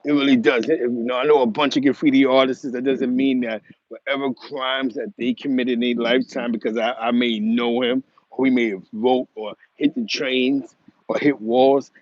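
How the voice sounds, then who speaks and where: There's no room sound and the audio is muffled as this medium-pitched man, a host from the Bronx, New York, talks on his show. It's a casual commentary monologue, rambling and emphatic, with many restarts.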